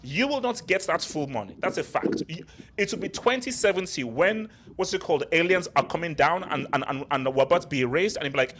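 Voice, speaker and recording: A young man hosting a casual football chat show, animated and ranting with jokes. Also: on the high side, fast, noisy background. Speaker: football podcast host.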